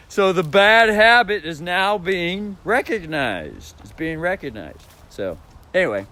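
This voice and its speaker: At home, a man vlogs through a phone or camera mic, talking a little slowly and rambling repetitively about how to use the voice while swearing freely and demonstrating sounds. His high-pitched voice is bright and forceful, with big swings in pitch.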